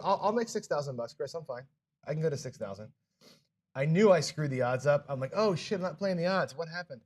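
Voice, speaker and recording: A man hosting a live craps stream in casual chat, frustrated and self-deprecating, swearing and scolding himself over his mistakes. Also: mid-range voice. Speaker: craps show host.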